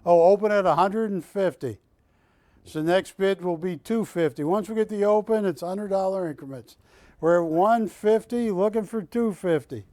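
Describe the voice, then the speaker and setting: A man's voice: sits high, moderate pace, warm tone, no echo. A man hosting a live shopping-channel auction, bantering and calling out bids in a studio. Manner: jokey, chatty, calls bids and counts them down. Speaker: auction host.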